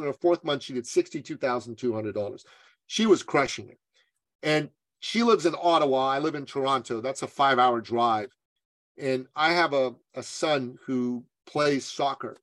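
A man, a business coach being interviewed, telling a story with lively acted-out quotes. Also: medium pitch, moderate pace, no echo. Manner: animated storyteller, acts out quotes.

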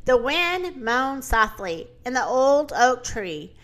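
A woman reads a children's story aloud with expressive, dramatic delivery. Her high voice is bright and lively, and she takes her time. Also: slow.

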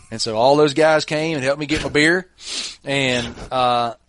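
A man's voice: medium pitch, steady tone, measured pace, a bit bright, no room sound. Middle-aged male podcast host, easygoing storyteller, dry close-mic sound. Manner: laid-back, chuckling anecdotes. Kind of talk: casual storytelling chat.

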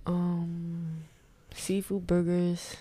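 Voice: mid-range voice, level tone, extremely slow, warm tone. A young adult co-hosting a podcast, teasing and giggling in casual chat. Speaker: podcast co-host.

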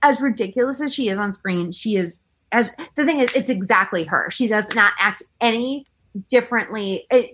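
A woman's voice: fairly high pitch, moderate pace, fairly bright tone, slight background noise. A woman in her thirties hosting a podcast, telling a story in casual chat with lots of "like" and acted-out quotes. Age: 30s. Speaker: podcast host.

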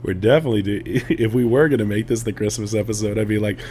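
A man's voice: on the low side, fast, slight background noise. Laughing young man telling stories. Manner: laughs often, animated storytelling with voiced quotes. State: tired, drowsy. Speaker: podcast co-host. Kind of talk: casual podcast chat.

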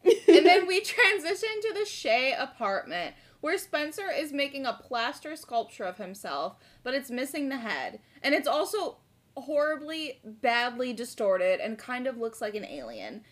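A young woman co-hosting a casual rewatch podcast, retelling scenes in an animated way, swearing freely and acting out the characters. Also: sits high, unhurried. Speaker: podcast co-host.

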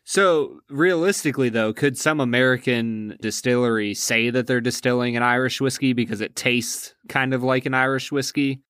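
A man's voice: mid-range voice, fairly even intonation, moderate pace, hardly any pauses, a bit bright, no room sound, studio quality. Curious, laid-back man co-hosting. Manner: curious, laid-back, uses filler words. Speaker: co-host. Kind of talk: casual review chat.

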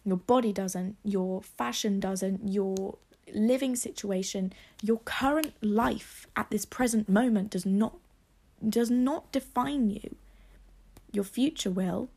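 A woman's voice: medium pitch, fairly even intonation, normal speed, gravelly, mellow, slightly rough. A young woman hosting a solo podcast, speaking with emotional, tearful encouragement into a phone propped on her laptop desk. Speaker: podcast host. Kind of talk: heartfelt solo podcast talk.

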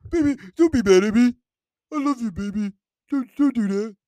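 A man's voice: very high voice, lively intonation, moderate pace, dark tone, dry recording. A man mocking a clingy young boyfriend who begs his girlfriend not to be upset. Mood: pleading. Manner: whiny, begging.

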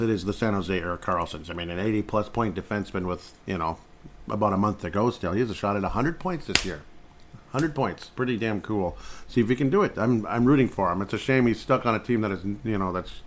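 Rambling man chatting about sports. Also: lowish voice. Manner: rambling, chuckles between thoughts. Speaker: podcast host. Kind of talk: casual sports chat.

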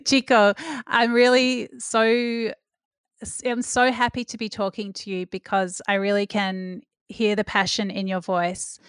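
A woman's voice: medium pitch, little pitch movement, unhurried, clean tone, dry recording, studio quality. A woman hosting a podcast interview, effusive and a little poetic. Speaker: podcast host.

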